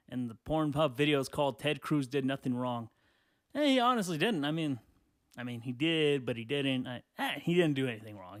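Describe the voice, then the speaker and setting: A man hosting a casual solo podcast, rambling crudely through online comments, laughing often and clearing his throat. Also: mid-range voice, dry recording, clean studio sound. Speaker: podcast host. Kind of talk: casual solo podcast reading tweets aloud.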